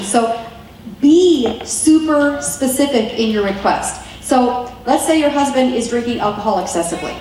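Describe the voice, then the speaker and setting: A woman with a slightly high voice gives an earnest, chatty teaching talk, now and then acting out a line of dialogue. She is heard from a distance in a strongly echoing meeting room with a faint hum of ambience. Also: lively intonation, moderate pace, darkish tone. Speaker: speaker teaching wives. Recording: very echoey room from far off.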